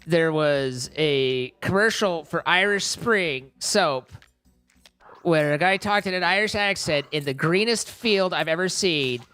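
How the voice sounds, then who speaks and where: A man's voice: a little high, bright, forceful tone, clean tone. A man streaming, chatting casually in a rambling, self-correcting way and laughing easily. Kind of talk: casual live-stream chat.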